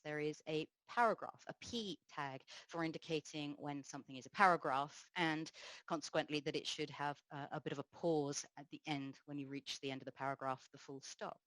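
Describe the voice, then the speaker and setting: Woman conference speaker, low pitch, dry sound, explanatory with fillers. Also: a bit bright, no room sound, low-quality recording. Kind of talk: technical conference talk.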